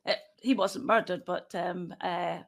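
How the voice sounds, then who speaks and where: A woman in her sixties, a forensic pathologist, answering interview questions in a measured, matter-of-fact way as she thinks aloud. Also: lowish voice, steady tone, vocal fry.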